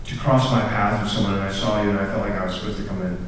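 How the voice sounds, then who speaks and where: A man's voice: lowish voice, very fast, a little hiss or hum. A young man telling a story in a sermon to students, earnest and self-deprecating, repeating words as he gets going. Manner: earnest, self-deprecating, laughs at his own stories; repeats and restarts words when excited. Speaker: speaker at a student group meeting. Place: large room full of students. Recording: very echoey room, heard from a distance.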